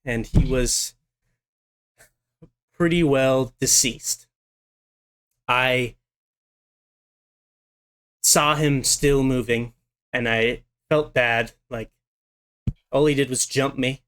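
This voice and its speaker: A young man in his twenties telling a personal story to camera in a casual, animated and dramatic way. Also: mid-range voice, very slow, pauses often.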